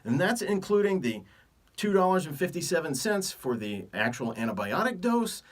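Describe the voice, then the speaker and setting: A middle-aged physician from Texas talks to camera without a script, dropping wry jokes between his points. His pitch swings up and down, and his voice sits a little back from the microphone. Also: very animated, normal speed, distant mic. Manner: joking, wry asides. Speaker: physician hosting a video series. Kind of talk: unscripted talk to camera.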